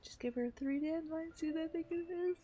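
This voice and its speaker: A tired woman streaming a game, chatting casually in a low-energy, rambling way. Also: brisk, dark tone, highs cut off. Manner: low-energy, rambling, apologetic about yawning. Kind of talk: casual gameplay chat.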